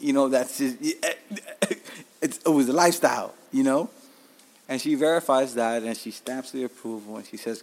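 Male podcast host, 30s, mid pitch, casual, profane, animated storyteller. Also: normal speed. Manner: profane, animated, tells stories with acted-out quotes.

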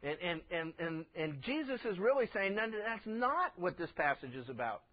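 A pastor preaching a sermon in a high, light man's voice. He tells folksy stories and slips into little acted voices. The sound is dull, like an old radio broadcast. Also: very animated, normal speed.

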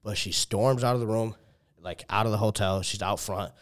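A man's voice: lowish voice, steady tone, moderate pace. A young man telling a long personal story in casual chat, loaded with "like" and swearing, often acting out what people said. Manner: heavy filler "like", swears, restarts, quoted dialogue.

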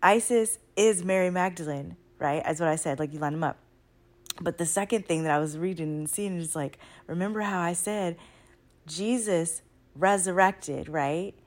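A woman talking at home at night in a rambling, excitable casual monologue, full of swearing and slang. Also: lowish voice, moderate pace. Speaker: spiritual channeler.

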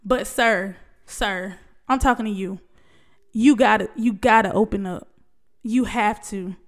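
A woman's voice: mid-range voice, a little slow. A woman giving an emotional, preachy motivational talk to her viewers, calling them baby and y'all as she urges them to open up. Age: adult, past college. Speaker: vlogger. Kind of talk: heartfelt motivational talk to camera.

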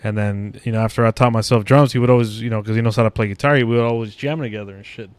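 A man's voice: fairly low pitch, fairly even intonation, racing, clear, resonant tone, dry recording. A young man from Mexico hosting a podcast, chatting casually, swearing a lot and laughing often. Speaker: podcast host. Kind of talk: casual chat.

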